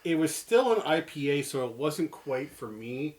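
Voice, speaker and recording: A man's voice: fairly high pitch, big pitch swings, normal speed. A man from Canada co-hosting a casual beer-tasting chat, teasing his partner with wry remarks. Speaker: co-host of a beer tasting show.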